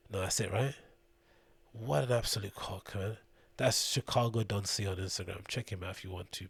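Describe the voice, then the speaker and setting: A man's voice: lowish voice, slightly rough, dry recording. A man hosting his own show, rambling through a profane, scornful commentary. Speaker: show host. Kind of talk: solo commentary rant.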